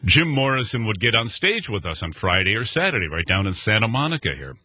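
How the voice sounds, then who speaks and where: An older man, a guest telling an animated story who acts out dialogue and scats rhythms aloud. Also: on the low side, fairly quick, husky, no room sound.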